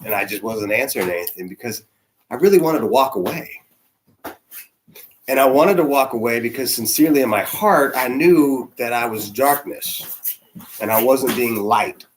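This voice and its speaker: A man, a church's senior spiritual leader, preaching in a conversational, animated storytelling way with soft asides. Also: medium pitch, moderate pace, a little hiss or hum. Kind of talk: storytelling sermon.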